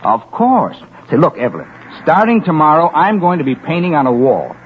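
A man's voice: fairly high pitch, very animated, a little fast. A man playing a troubled painter husband in a radio drama, earnest and stagey. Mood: eager. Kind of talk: 1940s radio acting. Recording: dull old radio broadcast with faint hiss.

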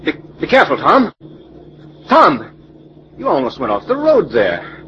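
Jittery businessman, lively pitch, hissy lo-fi vintage radio. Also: measured pace. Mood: worried. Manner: anxious, jittery. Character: nervous businessman inventor, middle-aged. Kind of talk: 1940s radio acting. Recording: lo-fi old radio with hiss.

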